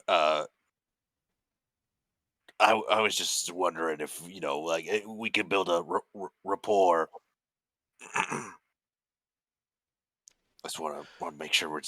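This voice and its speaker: A man doing an awkward teen hero faking a deep voice. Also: moderate pace, a bit bright, dry recording. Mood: awkwardly probing. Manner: hesitant, stumbling over words. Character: teenage male superhero forcing a deeper, tougher voice. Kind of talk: tabletop role-play.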